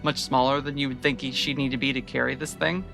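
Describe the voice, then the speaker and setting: Bright-voiced woman game master. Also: very deep voice, little pitch movement, quick pace, vocal fry, soft background music. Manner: descriptive, chatty narration with fillers. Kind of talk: narrating a tabletop game.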